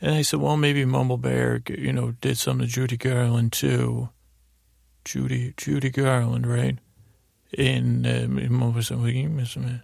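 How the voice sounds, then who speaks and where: Male sleep-story narrator, very gravelly, flat delivery, rambling with frequent restarts, dry close mic. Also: medium pitch, no room sound. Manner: meandering, halting, many restarts and "I said". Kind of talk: rambling improvised bedtime story.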